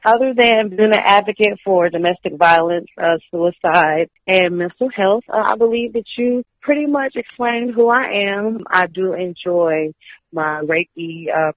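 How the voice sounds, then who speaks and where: A woman in her forties from Texas, a Reiki practitioner, chatting in an upbeat, energetic way as an interview guest. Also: fairly low pitch, no room sound. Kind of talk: casual interview chat. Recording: dry tinny phone line.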